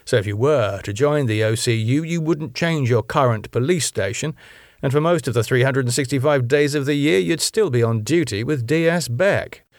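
Man doing a measured senior detective chief. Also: mid-range voice, dry recording, studio quality, natural voice. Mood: grave. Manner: measured, formal, questioning. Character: senior male police chief, measured, probing.

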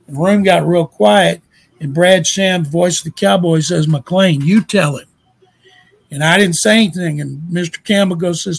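An older man from Texas with a Texan accent, telling a folksy, animated story in a speech, emotional at times. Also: high voice, unhurried, vocal fry, slightly rough.

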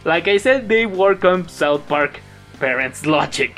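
A man's voice: a little high, expressive, a little slow, a bit bright. Man, 30s, chatty co-host, light guitar bed. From Mexico. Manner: chatty, fills in his partner's sentences. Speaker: podcast co-host. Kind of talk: casual chat.

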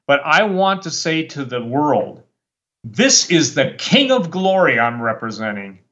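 A man's voice: fairly high pitch, sing-song, measured pace, a bit bright, dull audio. A man speaking as a guest preacher on a talk show, worked up and fiery, rambling with many restarts. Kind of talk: impassioned talk-show monologue.

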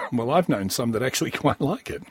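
A man's voice: medium pitch, animated, a little fast, breathy edge, dry recording, clean studio sound. A man hosting a comedy podcast, riffing crudely and sardonically on a news story, wheezy and coughing often. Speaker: podcast host.

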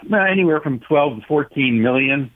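A man calling in to a talk radio show, arguing forcefully and sardonically about policy. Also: on the high side, lively intonation, normal speed. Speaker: caller, policy advocate. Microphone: telephone. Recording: tinny phone line.

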